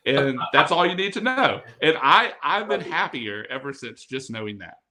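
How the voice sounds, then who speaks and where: A man getting over a cold chats and rants on a football podcast, laughing often between points. His voice is bright and lively, climbing and dipping through each sentence. He sounds like he is on a remote call mic. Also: mid-range voice, moderate pace. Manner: animated, ranting, laughs often. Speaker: podcast co-host. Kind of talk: casual football chat.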